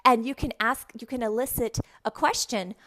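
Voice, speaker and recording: A woman who teaches English online, explaining how to present lesson slides and modeling words slowly and clearly for young learners. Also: a little high, bright, forceful tone. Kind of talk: instructional talk with classroom demonstrations.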